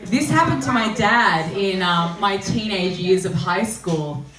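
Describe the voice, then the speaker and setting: A woman's voice: mid-range voice, animated, unhurried, crowd noise. A woman telling crude, self-deprecating stories in a live comedy set, often laughing through her lines. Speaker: stand-up comedian. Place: small live performance venue. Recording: roomy live room, far from mic, audience noise. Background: audience laughing and reacting.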